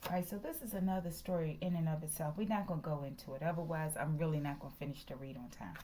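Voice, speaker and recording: A woman's voice: low-pitched, fast, warm tone. Woman, tarot reader, casual chat, half-whispered asides, faint background hiss. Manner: chatty, slips into whispers, says "okay" constantly.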